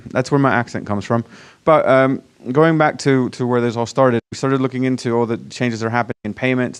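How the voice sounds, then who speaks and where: A man from Virginia with an accent that mixes American and British, giving a casual, self-deprecating startup pitch to a conference audience with many fillers and restarts. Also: clear, resonant tone. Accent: mixed American and British. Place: conference room before a live audience.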